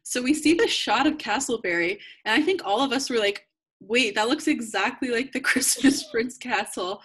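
Slightly high husky woman joking through a movie recap. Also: animated, moderate pace, fairly bright tone. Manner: wry, laughing asides while summing up the plot. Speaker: podcast co-host. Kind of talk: casual movie recap chat.

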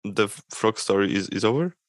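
A man's voice: lowish voice, lively intonation, moderate pace. A man co-hosting a podcast in casual chat, joking, swearing freely and cutting in with questions. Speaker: podcast co-host.

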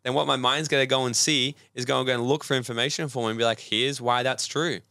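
Coach in his twenties, rapid-fire and animated, bright edgy tone. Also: medium pitch, vocal fry, dry recording, studio quality. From Australia. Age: 20s. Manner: energetic, animated storytelling with acted-out voices. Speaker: guest, personal development coach. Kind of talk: casual podcast interview.

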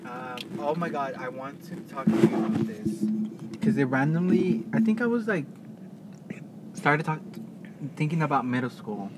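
A young man co-hosting a podcast, chatting casually and telling animated stories with acted-out quotes. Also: fairly high pitch, moderate pace. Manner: animated storytelling, playful, acts out quotes. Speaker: podcast co-host. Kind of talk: casual chat. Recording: noisy, corrupted mic audio.

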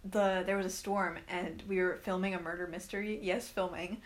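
A woman's voice: on the low side, steady tone, moderate pace, a little hiss or hum. A woman chatting casually with a friend, rambling with lots of "like" and playful teasing. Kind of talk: casual chat between friends.

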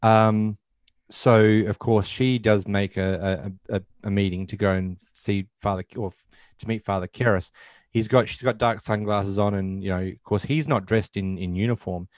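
A man with a low, deep voice talks through a film plot in a loose, rambling way, and he slips into quick imitations of the lines. The sound is dry and close, with no room echo. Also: steady tone. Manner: rambling, acts out quotes in passing. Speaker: podcast host. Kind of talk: casual film recap chat.

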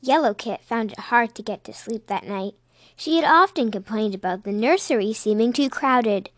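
A woman reading an animal storybook aloud in a lively, expressive way. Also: on the high side, moderate pace. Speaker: reader.

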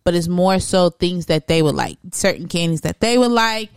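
A woman in her thirties chatting and joking casually, quick to laugh. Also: lowish voice, lively intonation, clear, resonant tone, no room sound, studio quality. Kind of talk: casual chat.

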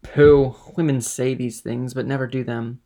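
A cool, scheming man from a storybook, sneering and sly as he goads his companion along, read out by a man. the voice is gravelly and low-set. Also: flat delivery, unhurried, mellow, lightly acted. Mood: sly goading.

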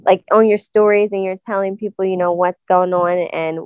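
A woman co-host talks casually and encouragingly, tossing in quick supportive asides. Her mid-pitched voice is recorded close and dry, with no room echo. She sounds friendly and unhurried. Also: flat delivery, clean tone, dull audio. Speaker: podcast co-host. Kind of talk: casual podcast chat.

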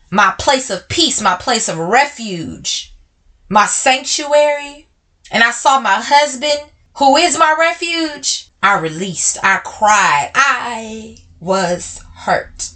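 A woman with a bright, forward voice talks straight to her podcast listeners. She is blunt and emotional and calls them y'all, slowing right down on the heavy parts and then rushing ahead. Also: a little high. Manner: swings between slow and quick speech. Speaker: podcast host. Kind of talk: personal talk to listeners.

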